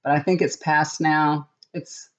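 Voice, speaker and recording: Speaking a little slowly with a low, flat delivery, a middle-aged tarot reader and vlogger tells her viewers a story in a casual chat to camera. The audio is dull, and she frequently repeats phrases to stress them.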